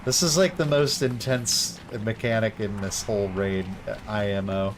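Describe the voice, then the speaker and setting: A man's voice: lowish voice, fairly even intonation, moderate pace, slight background noise. A young man streaming a game, chatting casually in a laid-back, rambling way full of slang. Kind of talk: casual gameplay chat.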